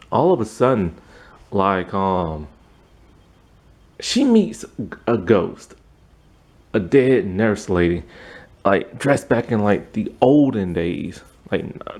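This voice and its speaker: A man's voice: fairly low pitch, darkish tone. A man giving a casual, rambling spoken review of a TV episode, retelling the plot with many fillers.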